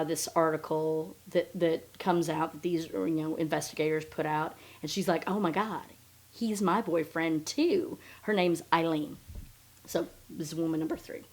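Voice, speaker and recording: A woman hosting a podcast, recapping in a blunt, profane, sarcastic casual chat. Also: deep voice. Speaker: podcast host.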